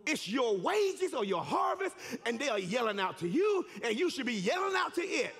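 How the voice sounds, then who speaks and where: A male preacher delivering a sermon in a church. His voice sits unusually high and rings bright. He shouts fervently, with big, lively swings in pitch and emphatic repetition. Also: moderate pace, hardly any pauses, a little hiss or hum. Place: church sanctuary.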